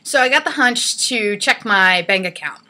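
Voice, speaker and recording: A young woman recounts a road-trip mishap in a chatty vlog, with a bright, forceful voice that sits a little high. She tells it in an animated way and laughs easily along the way. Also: normal speed. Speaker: hairstylist telling a travel story. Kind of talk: casual storytelling vlog.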